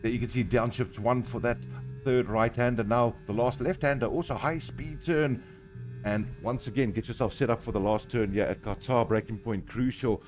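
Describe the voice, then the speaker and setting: A man's voice: mid-range voice, moderate pace, darkish tone, soft background music. A man from South Africa with a South African accent, giving chatty live commentary on a sim race, talking through each turn and laughing often.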